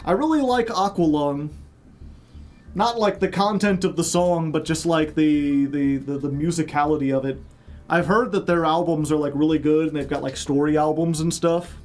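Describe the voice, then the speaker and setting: A man's voice: on the high side, moderate pace, a little mellow. Rambling man chatting on a stream. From Chicago. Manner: rambling, many "like" fillers and joking asides. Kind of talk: casual chat with stream viewers.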